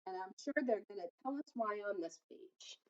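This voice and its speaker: A woman reading a children's picture book aloud, gently adding asides that explain things to young listeners. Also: mid-range voice, lively intonation, moderate pace, highs cut off.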